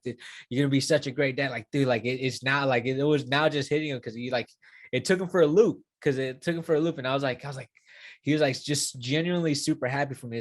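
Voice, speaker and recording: A man's voice: mid-range voice, no room sound. Man, 20s, casual interview talk, rambling, filler-heavy, swears casually, dry close sound. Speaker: UFC fighter.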